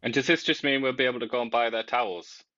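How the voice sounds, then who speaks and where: A man co-hosting a casual livestream chat, relaxed and questioning with wry remarks. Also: medium pitch, fast, dry recording. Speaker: co-host and managing editor. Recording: dull, dry lo-fi audio.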